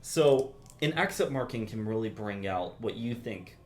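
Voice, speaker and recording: A man giving a one-on-one composition lesson in a university room, his fairly low voice rising and falling a lot as he explains. He talks in a relaxed, chatty way, with plenty of ums, and a faint hum of room sound sits behind him. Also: unhurried. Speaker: music composition teacher. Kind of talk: private lesson feedback.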